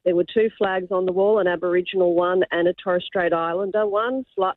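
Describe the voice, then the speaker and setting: A woman's voice: lowish voice, fairly even intonation, a little fast, no room sound. An older woman with an Australian accent, a casual teacher calling in to a radio show, indignant and emphatic. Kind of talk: talkback call. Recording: tinny phone line.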